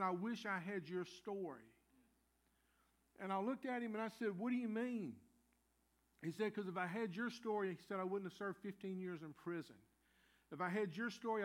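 A middle-aged male pastor with a slightly high voice preaches a sermon. His manner is folksy and earnest, filled with lots of "you know."

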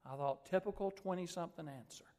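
A male preacher telling a story and praying in a sermon, a lively storyteller who swings from loud to soft. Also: on the high side, fast. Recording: long church-hall reverb.

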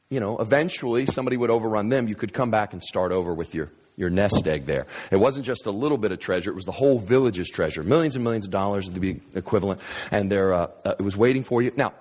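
A male pastor preaching a sermon, telling a story with humor, restarting phrases as he goes. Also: mid-range voice. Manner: animated storyteller, humorous, with frequent stammered restarts.

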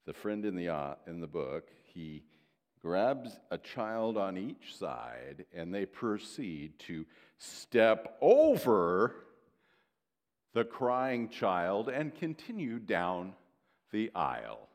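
A male pastor delivering a sermon in an unhurried, deliberate way, his pitch rising and falling widely as he tells stories. He slips in sarcastic asides along the way, and his voice carries a long reverb through a large hall. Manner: animated storytelling with sarcastic asides.

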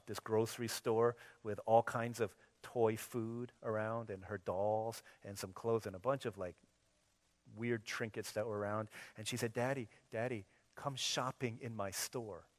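A man in his thirties preaching a sermon, telling a funny story with acted dialogue, swinging from soft to loud. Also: fairly low pitch, level tone, moderate pace, big-room sound. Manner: humorous, plays out scenes in quoted dialogue. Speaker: pastor.

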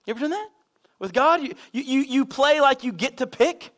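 Man, pastor, sermon, high voice, animated storytelling, self-mocking humor. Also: moderate pace. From United States. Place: church sanctuary.

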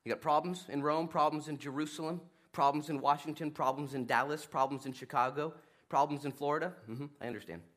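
Fairly high-pitched and fairly even in intonation, a male pastor preaches in a casual, chatty style. He talks quickly, laughs at his own jokes, and alternates between loud emphatic outbursts and quiet asides.

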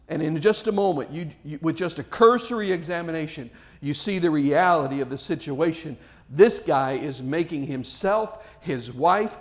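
A man preaching a sermon, fervent and emphatic, often restarting his phrases. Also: sits high.

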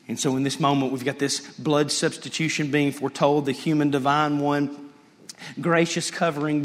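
A man preaching a sermon, swinging from loud and high to hushed and low. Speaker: pastor. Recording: long reverb of a large hall.

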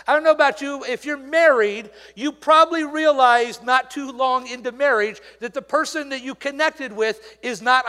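A man with an unusually high voice delivers a sermon in a church sanctuary. He talks in a conversational, animated way, stopping for asides to the congregation. His voice carries a long reverb through the hall. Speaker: pastor.

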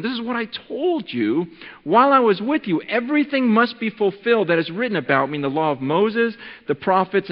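A man delivering a sermon in an animated, conversational style. His voice sits fairly high and moves up and down a lot. It has the long reverb of a church hall, captured on a muffled, lo-fi recording. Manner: animated, conversational preaching with a live demonstration. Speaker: pastor.

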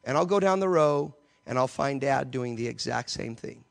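A man preaching a passionate sermon as a pastor in a church, with sudden loud outbursts. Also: mid-range voice, animated, moderate pace, gravelly.

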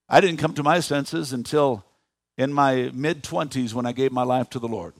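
A man in his fifties preaching a sermon in a church, animated, asking the congregation questions. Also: mid-range voice, moderate pace, no echo, clean studio sound. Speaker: pastor.

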